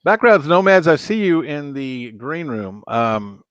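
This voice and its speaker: A man's voice: a little high, sing-song, unhurried, fairly bright tone, no echo. Joking man hosting a live stream. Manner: jokey, keeps reading out viewer chat and counts. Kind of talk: casual late-night live stream chat. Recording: dry, dull lo-fi sound.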